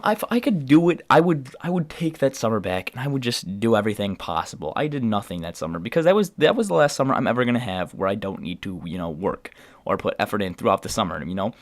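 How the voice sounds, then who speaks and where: A man's voice: fairly low pitch, no room sound, clean studio sound. A teenage man from the New York area telling a long personal story to camera in a casual, rambling way, full of fillers and restarts. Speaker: vlogger.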